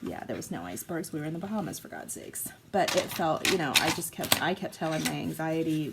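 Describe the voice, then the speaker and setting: A woman's voice: low-pitched, very animated, fast, creaky, few pauses, very noisy. A woman in her forties, a mom chatting casually and rambling through a story while crafting at home. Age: 40s. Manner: chatty, rambling, self-mocking.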